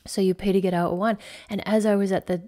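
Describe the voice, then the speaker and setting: A woman hosts her own coaching podcast and tells a personal travel story off the cuff. Her pitch sits right in the middle for a woman. She rambles cheerfully and fills her sentences with "like" and "so". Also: steady tone, fast, dark tone. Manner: chatty, rambling, peppered with "like".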